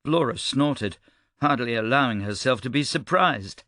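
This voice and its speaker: A medium-pitched man narrates a scripted audiobook steadily and deliberately. The recording is clean studio sound without any echo.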